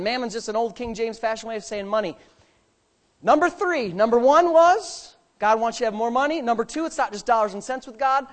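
A male pastor preaching with great emphasis, his pitch rising and falling widely. He fires rhetorical questions and swings from quiet, confiding asides to shouted peaks. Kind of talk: sermon.

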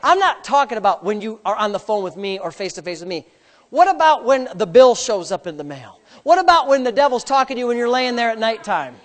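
A man preaching a sermon as pastor, repeating phrases in a rhythm, calling for amens, and swinging between hushed asides and loud outbursts. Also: very high voice, lively intonation, fast talker. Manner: repetitive, rhythmic phrasing with calls for amen.

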